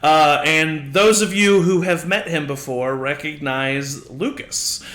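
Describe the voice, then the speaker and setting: A man running a tabletop game as game master, chatting loosely with frequent laughs and fillers. His voice sits a little high and rings in a roomy space. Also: takes it slowly, a bit bright. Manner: casual, laughing, many fillers. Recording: roomy echo.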